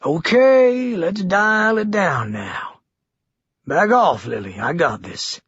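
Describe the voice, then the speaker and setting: Male reader doing a menacing tyrant, false-soft, snarling edge, husky, lo-fi audiobook. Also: high voice, sing-song, takes it slowly, dry recording, pitched above the performer's own voice, exaggerated voice. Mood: placating. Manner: falsely soothing, then snarling. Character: menacing scheming male leader, wounded. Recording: dull lo-fi dry recording.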